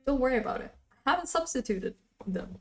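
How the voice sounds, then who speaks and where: A woman's voice: high voice, expressive, quick pace. Chatty woman streamer rambling casually. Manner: rambling, chatty, answers chat. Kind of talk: casual live-stream chat.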